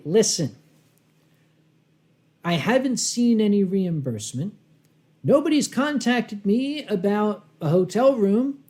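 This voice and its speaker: A man telling a humorous story live, dry and wry, with dramatic pauses, acting out his own rehearsed lines and clearing his throat often. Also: sits high, dark tone. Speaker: convention storyteller.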